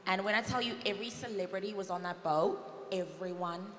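A woman's voice: mid-range voice, a little fast. A woman panelist from yacht crew, answering candidly and with some gossip at a live panel. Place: convention stage. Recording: echoey hall, crowd behind.

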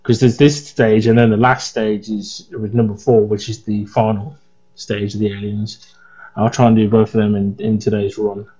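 A man's voice: fairly low pitch, level tone, normal speed, mellow, slightly rough, lo-fi sound. A groggy, worn-out English man chatting and rambling through casual gameplay commentary as a let's play host.

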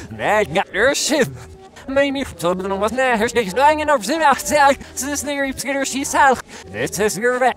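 A man in excited gaming chatter, firing off quick shouty callouts while he plays. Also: sits high.

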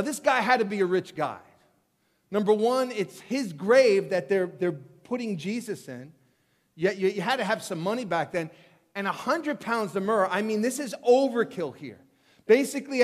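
A man with a high voice preaches to his congregation, swinging from loud to hushed as he acts out the story, and he often restarts words. His voice rings with a long reverb through the church hall. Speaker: pastor. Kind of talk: sermon. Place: church sanctuary.

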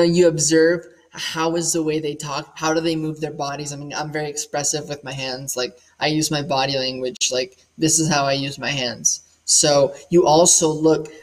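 A young man who acts and sings leads a casual acting workshop, speaking with fairly high pitch. He is animated and demonstrative, filling his speech with lots of "like."

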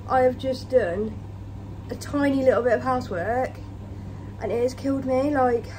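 A woman's voice: sits high, normal speed, a little mellow. A young British woman chatting casually in a home vlog, out of breath and talking to her pets. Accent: British English. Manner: chatty, talks to pets in baby voice. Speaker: vlogger. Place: home kitchen. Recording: noisy home recording. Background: washing machine and tumble dryer running.

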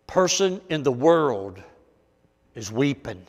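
A man's voice: a little high, expressive, moderate pace, long pauses. Preacher man in a reverberant church. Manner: folksy preaching, swinging between loud and hushed. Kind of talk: sermon.

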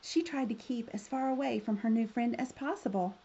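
A woman reading a children's fairy tale aloud in a gentle, expressive way. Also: fairly high pitch, brisk, breathy edge. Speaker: storyteller. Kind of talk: children's story read-aloud. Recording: slightly dull lo-fi sound.

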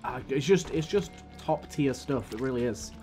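A man's voice: mid-range voice, animated, moderate pace, a little mellow, soft background music. A man giving casual, rambling commentary while playing a video game, hiccuping now and then. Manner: chatty, rambling, frequent fillers and restarts. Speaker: gaming YouTuber.

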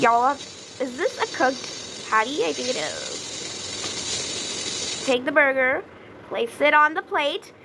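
A young woman chatting through a video game as she plays it, easily flustered, with gasps and excited outbursts. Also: high voice, measured pace, background noise. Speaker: gaming YouTuber. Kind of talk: casual gameplay commentary.

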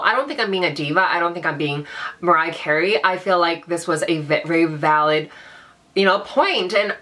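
Young woman, vlogger, chatty storytime, dramatic, crisp bright tone, slightly low voice. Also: normal speed, slight background noise. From Vancouver, Canada. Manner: chatty, dramatic, heavy use of "like". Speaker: beauty vlogger. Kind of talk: casual storytime vlog.

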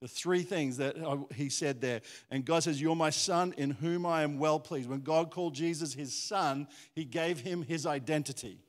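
A middle-aged pastor preaches in a somewhat high voice, telling stories and acting out the people in them. The sound carries a long reverb from a church hall. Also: male voice, moderate pace, few pauses. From Australia. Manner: animated storytelling, acts out quoted voices. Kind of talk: sermon with personal story.

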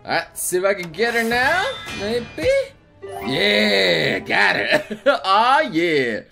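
Brief: let's-play host, male, loud and crude, very lively pitch, soft game music underneath. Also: slow pace, creaky. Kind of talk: game commentary.

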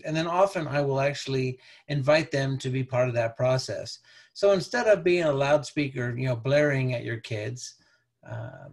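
Man giving a halting slide lecture. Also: on the high side, vocal fry. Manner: conversational, halting, peppered with "you know". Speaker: parenting presenter.

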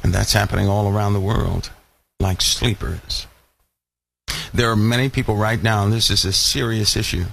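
A man's voice: on the low side, normal speed, gravelly. A man preaching a live online Bible lesson, asking many rhetorical questions. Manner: animated, full of rhetorical questions.

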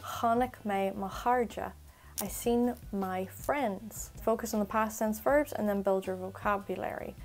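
Chatty woman tutor, gravelly voice. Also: medium pitch, steady tone. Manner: quick, chatty explanations with slow, repeated example phrases. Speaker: Irish language tutor. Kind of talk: casual spoken language lesson.

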